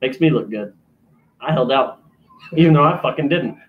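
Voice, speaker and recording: A man's voice: mid-range voice, moderate pace. Profane man telling call-center stories. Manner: profane storytelling, acting out both sides of phone calls. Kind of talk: crude casual podcast banter. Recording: slightly dull lo-fi mic.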